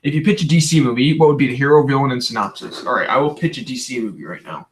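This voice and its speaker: A man's voice: medium pitch, fast talker, a little hiss or hum. Tired, chatty young man on a livestream. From Canada. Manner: rambling, chatty, frequent restarts and fillers. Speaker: livestream host. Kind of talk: casual livestream chat answering viewer questions.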